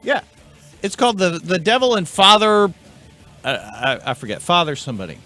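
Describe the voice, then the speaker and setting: A man's voice: sits high, sing-song, normal speed, bright, forceful tone, faint music behind. A man hosting a casual chat show, rambling and tripping over band names. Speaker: host.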